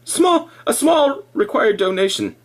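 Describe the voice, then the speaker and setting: A middle-aged man ranting casually to camera about his past, animated and sarcastic, with laughing asides. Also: very high voice, measured pace. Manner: animated, laughing asides, mock-cheerful impressions. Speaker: ex-member giving opinions.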